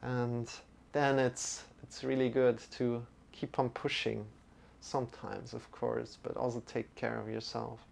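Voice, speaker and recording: A man's voice: medium pitch, level tone, gravelly. A man teaching a live-streamed yoga lesson, chatting relaxedly with viewers and leading a mantra. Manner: slow, drawn-out mantra chanting.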